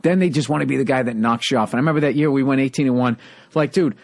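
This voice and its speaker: A man's voice: medium pitch, very fast, vocal fry, no echo. Man, Boston accent, podcast host, casual profane chat, dry close sound. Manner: profane, animated storytelling.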